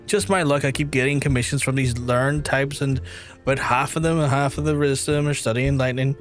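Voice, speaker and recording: A man's voice: medium pitch, fairly even intonation, fairly quick, faint music behind, natural voice. A man with a Northern Irish accent reading aloud the lines of a self-pitying male adventurer from a fantasy game, grumbling.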